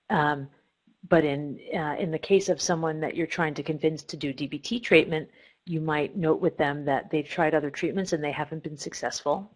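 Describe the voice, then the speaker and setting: A woman's voice: deep voice, fairly even intonation, normal speed, low-quality recording. A middle-aged woman therapist giving a recorded lecture on treatment techniques, explaining step by step with frequent ums and self-corrections. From Cleveland, Ohio.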